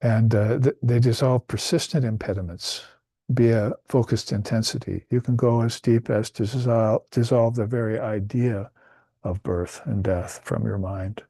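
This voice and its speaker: A man's voice: medium pitch, steady tone, unhurried, warm tone, breathy edge, no echo. A man giving a spiritual talk as a teacher, explaining Sanskrit terms with fillers and restarts along the way.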